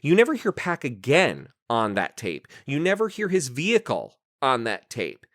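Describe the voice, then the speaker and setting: A man from New Jersey, an author and podcast guest, talking in an animated, indignant way, full of "you know" and "like". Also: mid-range voice, normal speed, no room sound, clean studio sound. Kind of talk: podcast interview.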